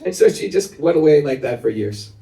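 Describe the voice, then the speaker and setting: Animated male spiritual teacher telling a story. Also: mid-range voice, brisk. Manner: animated and humorous, laughing often. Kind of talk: storytelling talk. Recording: roomy, from a distance.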